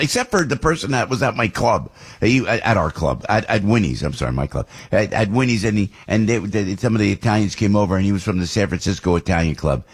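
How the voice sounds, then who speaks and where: Husky rambling older radio host. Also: male voice, lowish voice. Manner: rambling, repeats words and restarts, gets loud and animated. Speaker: radio talk show host. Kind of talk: casual radio talk. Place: radio studio.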